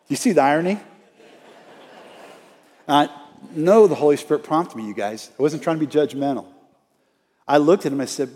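A man's voice: fairly high pitch, lively intonation, fast, long pauses, darkish tone. A middle-aged man preaching a sermon in a church, emphatic and conversational, with many rhetorical questions. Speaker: pastor. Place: church sanctuary. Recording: long reverb of a large hall.

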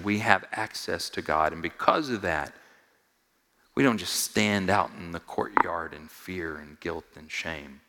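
A man preaching a sermon to a congregation. He repeats phrases for emphasis, asks his listeners questions, and swings from quiet, low asides to loud, high-pitched exhortation. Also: in a large hall. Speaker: pastor.

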